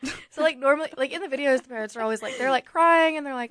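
A woman's voice: sits high, racing, fairly bright tone, no echo. A young woman co-hosting a podcast, telling stories in a rambling, giggly casual chat. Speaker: podcast co-host.

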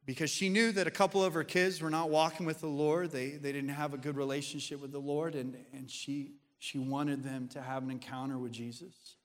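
A male pastor, preaching a sermon and telling stories in an animated way to a church audience. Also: on the high side, fairly quick, hardly any pauses, big-room sound. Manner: storytelling, animated, acts out quoted voices. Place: church sanctuary.

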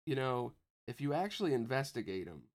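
A man's voice: medium pitch, brisk. Man doing a restless teenage boy hero. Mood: grumbling. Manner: complaining, excitable.

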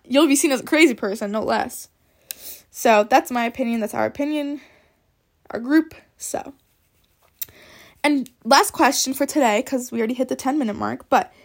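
A young woman hosting a student podcast, giving her opinions in an emphatic, insistent way and repeating points for stress. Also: on the high side.

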